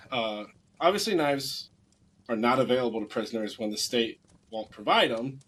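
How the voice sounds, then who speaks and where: A man co-hosting a casual podcast, meandering and often restarting and correcting himself, blunt and quick to swear when something annoys him. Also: mid-range voice, poor audio. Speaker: podcast co-host.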